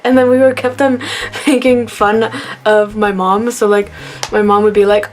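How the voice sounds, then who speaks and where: A woman's voice: on the high side, fairly even intonation, a little fast. Tearful young woman, rambling. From Canada. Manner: rambling, laughing through sadness, many fillers. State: emotional, near tears. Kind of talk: tearful tribute vlog.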